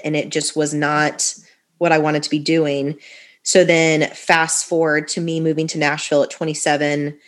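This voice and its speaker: Candid, rambling woman telling her story. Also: low voice. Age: 30s. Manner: candid, rambling, many fillers and restarts. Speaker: guest sharing her story. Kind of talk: personal storytelling in conversation.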